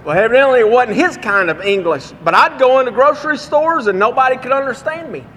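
A man from Texas with a Texan accent, preaching a sermon with folksy stories and slowing down to read scripture. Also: very high-pitched, lively intonation, a bit bright, in a large hall, slight background noise.

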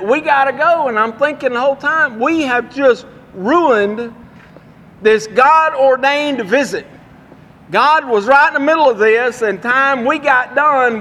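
A man's voice: extremely high pitch, sharp tone. A man preaching a sermon, telling a personal story in a folksy, plain-spoken way. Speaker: traveling revival preacher. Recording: long reverb of a large room.

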